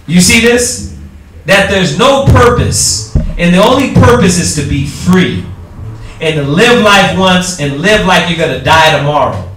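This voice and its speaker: A man teaching scripture to a small group, switching into higher mocking voices to act out worldly talk. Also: a little slow, noisy background. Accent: Southern US. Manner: animated, mocks worldly voices in a higher pitch. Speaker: teacher of a religious study group. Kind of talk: street-style scripture teaching. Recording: echoey room, mic at a distance.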